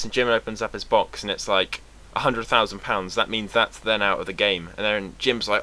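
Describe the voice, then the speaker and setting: A young British man from England talking to camera in a casual, rambling vlog, sarcastic and quick to swear. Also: fairly low pitch, sharp tone. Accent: British English. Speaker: vlogger.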